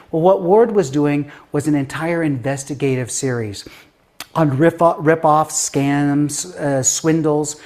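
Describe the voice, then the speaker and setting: Unhurried and on the high side, this Denver man in his fifties is a guest author telling a story in an interview. He's animated, voicing the people he quotes and sprinkling in filler words.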